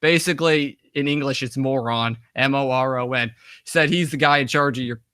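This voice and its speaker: A man's voice: medium pitch, steady tone, fairly quick, bright, forceful tone, clean tone, no room sound, studio quality. A young American man with an American accent, telling a long story as an interview guest, rambling with many fillers and acting out the dialogue. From United States. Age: young adult. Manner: acts out quoted dialogue in conversation. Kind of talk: casual storytelling.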